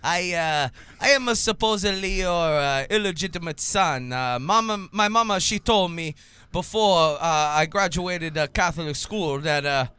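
A man voicing an awkward young man who speaks in a low, halting way, stumbling over his words. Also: sharp tone, clear, resonant tone, no echo. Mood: hesitant. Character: awkward, hesitant young man, a priest's son.

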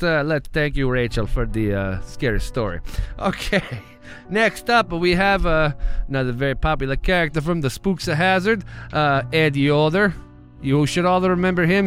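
A man plays an old priest hosting a show, his voice a little higher than usual. He rambles, chuckles and stumbles through his introductions. Faint music plays behind him. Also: a bit bright, natural voice. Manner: rambling, chuckling, filler-heavy. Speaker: host.

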